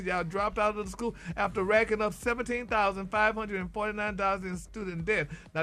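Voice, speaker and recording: A man's voice: high voice, fairly bright tone. A man co-hosting morning radio, reading celebrity gossip and filling it with "y'all" and "honey". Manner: chatty, peppers talk with "y'all" and "honey". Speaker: radio co-host, gossip reporter.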